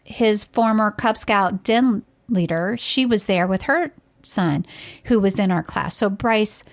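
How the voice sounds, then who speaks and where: A middle-aged woman co-hosting a podcast, telling a story in an animated way and acting out what others said. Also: mid-range voice, slow pace. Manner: animated, acts out quoted voices. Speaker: podcast co-host, parent. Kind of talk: casual conversational storytelling.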